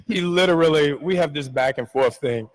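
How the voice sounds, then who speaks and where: Middle-aged male panel guest, a touch high-pitched, animated and playful delivery. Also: moderate pace, low-quality recording. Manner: lively, laughing, acts out voices while telling stories. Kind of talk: animated convention panel storytelling. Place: large arena convention stage.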